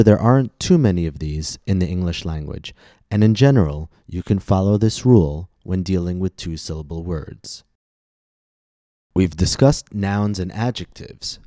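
A male pronunciation teacher with a deep, mellow voice talks slowly and deliberately. He leans hard on stressed syllables in his example words. The recording is dry and close. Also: no room sound. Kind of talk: scripted pronunciation lesson.

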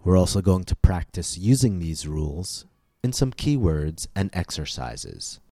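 A man teaching English pronunciation in a scripted podcast lesson, speaking deliberately and stressing each syllable clearly. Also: deep voice, very animated, dark tone, dry recording, studio quality.

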